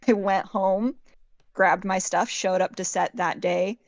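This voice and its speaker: A woman's voice: mid-range voice, fairly even intonation, slow, vocal fry, no echo. A woman, a makeup and effects artist, talking casually in an interview and saying "like" a lot. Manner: chatty, heavy use of "like".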